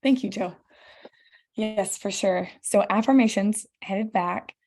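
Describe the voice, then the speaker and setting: A woman's voice: mid-range voice, slow, a little mellow. A woman leading a team call over video, giving an earnest, encouraging motivational training talk. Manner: earnest, encouraging, addresses listeners as "y'all". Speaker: team leader hosting a call.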